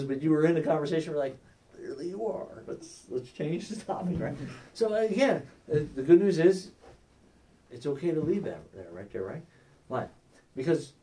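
Recorded from a distance, a man with a fairly high, warm voice teaches a church class about sharing faith. He talks conversationally, asks the class questions to check in with them, and acts out quoted exchanges.

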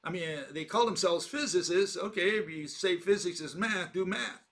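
A man with a slightly high voice delivers a lecturing monologue. He argues emphatically, circling back over his points and throwing out rhetorical questions. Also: normal speed, a bit bright. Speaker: host.

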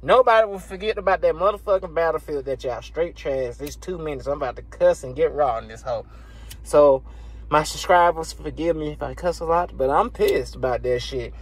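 A man's voice: on the high side, a little fast, slightly rough. A man ranting casually and profanely to camera about video games, laughing often, recorded on a phone. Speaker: gaming YouTuber.

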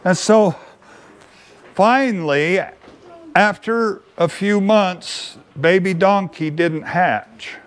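A man spinning a folksy tale for an open-mic crowd, his voice sitting a little high for a man. He takes his time and keeps a playful, earnest, homespun tone throughout. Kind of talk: folksy spoken storytelling to an audience.

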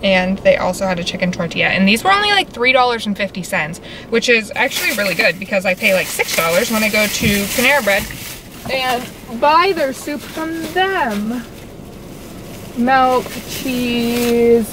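A woman's voice: mid-range voice, lively intonation, a little fast, few pauses. A young woman vlogging casually from inside a car, rambling with lots of fillers. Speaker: vlogger and tarantula keeper. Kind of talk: casual vlog chat. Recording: vehicle noise behind.

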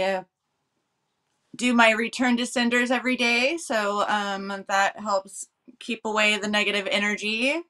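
Bright giggly Californian woman. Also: medium pitch. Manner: giggly, laughs between phrases. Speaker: co-host. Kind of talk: casual live-stream chat.

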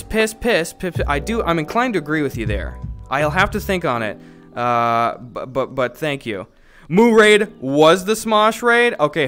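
A man streaming live, chatting casually with his viewers in a loud, profane, jokey way. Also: fairly high pitch. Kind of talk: casual livestream chat.

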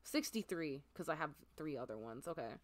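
Gushing excitable woman streamer. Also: sits low, fairly quick. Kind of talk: casual gameplay commentary.

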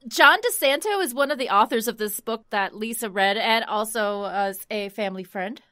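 Bright, dry-sounding woman co-host. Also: fairly high pitch, no echo. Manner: reacts with gasps and quick asides, reads case facts in short bursts. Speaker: podcast co-host. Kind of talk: casual true-crime chat.

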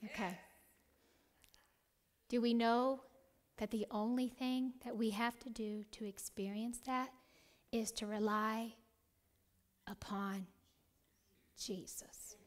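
A middle-aged woman teaching a Bible study, telling a personal story with animated, acted-out lines and whispered prayer. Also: a little high, slow, pauses often.

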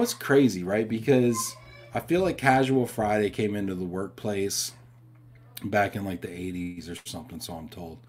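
A man's voice: fairly low pitch, a little mellow. A man hosting a live stream from home, chatting casually and reading viewer questions, upbeat and talking straight to his audience. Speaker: host of a live show.

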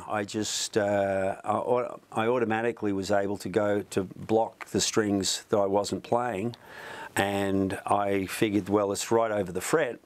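Chatty man, low voice. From Australia. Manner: rambling, chatty, many restarts. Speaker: musician guest. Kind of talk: storytelling in an interview. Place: music studio.

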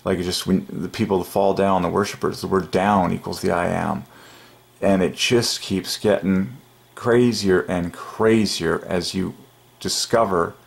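A man hosting his own channel, giving an excited, emphatic religious monologue and chuckling often. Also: deep voice, a little slow, creaky. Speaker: channel host. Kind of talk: casual religious monologue to camera.

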